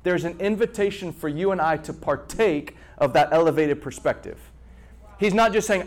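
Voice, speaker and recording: A man preaching a sermon to a congregation in an animated way, repeating words and pausing for effect. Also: high voice. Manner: animated preaching with repetitions and dramatic pauses. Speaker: pastor.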